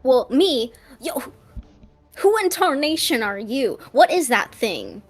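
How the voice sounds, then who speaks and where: A woman's voice: sits high, big pitch swings, slow, breathy edge, faint music behind, pitched above the performer's own voice, heavily acted. A woman voicing her brash, folksy adventurer character in a tabletop game. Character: bold young woman adventurer.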